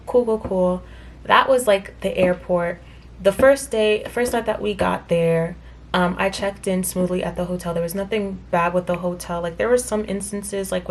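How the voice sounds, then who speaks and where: A young American woman speaks to camera from a hotel room, telling a travel story in a loose, filler-packed way. Her voice sits slightly low for a woman. She recounts past exchanges with open indignation. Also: a little hiss or hum. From United States. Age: young adult. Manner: chatty, many fillers, recounts dialogue indignantly. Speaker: vlogger.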